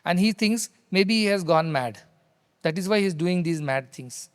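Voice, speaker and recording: A man's voice: high voice, moderate pace, smooth. Man teaching in a reverberant hall. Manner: animated storyteller who repeats key phrases. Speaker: spiritual teacher. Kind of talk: storytelling discourse. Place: hall with devotees.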